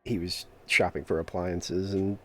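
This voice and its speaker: A man's voice: low voice, unhurried, slight background noise. A man streaming a game and chatting casually, telling stories with lots of laughter and swearing. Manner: animated storyteller, laughs often, swears freely. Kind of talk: casual chat while gaming.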